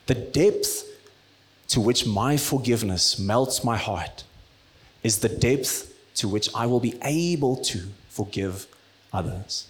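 A man preaching a sermon, rising to loud emphatic peaks and dropping to hushed, low tones. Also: lively intonation, measured pace, pauses often. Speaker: pastor.

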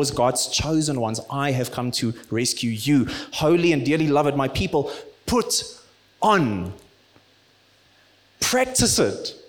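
A man preaching a sermon, rising to loud emphatic peaks and dropping to hushed, low tones. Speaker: pastor.

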